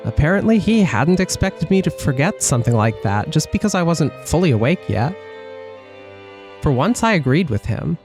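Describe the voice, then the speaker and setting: Give me a man reading a puzzled young woman, lively, with music faintly behind. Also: on the high side, normal speed. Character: confused young woman waking in a strange parlor. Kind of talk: reading a visual novel aloud.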